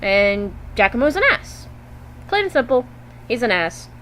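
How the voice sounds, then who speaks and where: A woman vlogging to her webcam at home, recapping a video game in a loose, animated way and swearing freely. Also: fairly high pitch, unhurried, a little hiss or hum, low-quality recording. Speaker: gaming vlogger. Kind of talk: casual game recap to camera.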